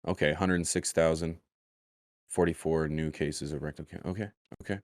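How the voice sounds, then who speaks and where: A deep, low-pitched man chats casually as co-host of a podcast. He is laid-back and stumbles, repeating words as he goes. The sound is dry and close with no room around it. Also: steady tone, moderate pace, a little mellow, no echo. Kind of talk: casual chat.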